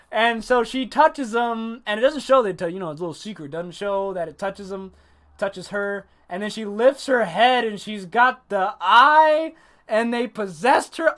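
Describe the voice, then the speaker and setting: With a high voice at normal speed, a man chats his way through an anime episode review on a livestream, swearing freely and staying animated. Every so often he stops to greet the chat and field their questions.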